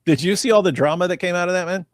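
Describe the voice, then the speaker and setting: A man's voice: high voice, racing, no echo, clean studio sound. A man co-hosting a casual livestream chat, telling stories with laughs and mocking asides. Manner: animated storyteller, laughing, slips into mocking voices. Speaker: co-host.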